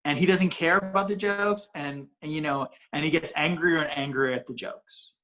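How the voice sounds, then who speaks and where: Here the same kind of speaker, a male comedian guest, talks loosely on a podcast, often starting over as he rambles. His pitch is on the high side, his tone sharp, his speed moderate. The audio comes from a home video call using a ring light setup.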